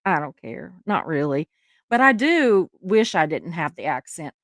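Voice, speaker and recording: Chatty Southern woman with a low voice. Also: very animated, a bit bright, dry recording, studio quality. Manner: chatty, laughs often, drawn-out words. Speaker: livestream host. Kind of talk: casual chat reading viewer comments.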